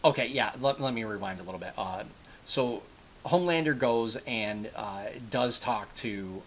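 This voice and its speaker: A man's voice: lowish voice, animated, normal speed, a bit bright, slight background noise. A man giving a casual, rambling spoken recap of a TV episode, often backtracking to correct himself. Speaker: TV episode reviewer.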